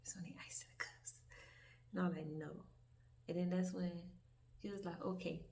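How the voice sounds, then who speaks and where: Speaking at a normal pace in a lowish, creaky register, a young woman spins a meandering, foul-mouthed tale for her storytime vlog. She's lively and keeps wandering into side comments, picked up by a far-off mic with light background hiss.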